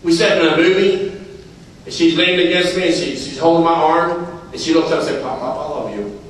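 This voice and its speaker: A man's voice: on the high side, little pitch movement, brisk, slight background noise. An older man telling folksy stories at a recovery meeting, repeating phrases and chuckling as he goes. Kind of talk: storytelling speaker's talk at a meeting. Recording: very echoey hall, heard from far off.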